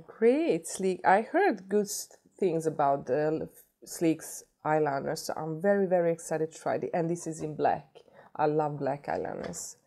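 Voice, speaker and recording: A woman with a cold, chatting excitedly through a beauty unboxing and gushing over each product. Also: sits low. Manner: gushing, excitable, repeats herself. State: has a cold. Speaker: beauty vlogger. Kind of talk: unboxing chat.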